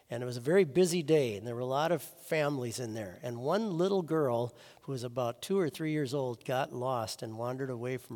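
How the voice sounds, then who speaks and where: A man's voice: medium pitch, a little mellow. Earnest preaching man in a reverberant chapel. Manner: earnest, storytelling preaching with emphatic rises. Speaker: chaplain. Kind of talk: sermon.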